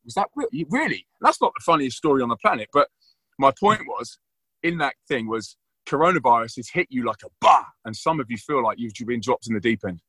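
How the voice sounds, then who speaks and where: A man talks over a video call, rattling along at a quick clip with a husky, bright edge. His earnest storytelling builds into preaching enthusiasm. The sound is close and dry, with no room around it. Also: mid-range voice, no echo. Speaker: guest, youth speaker.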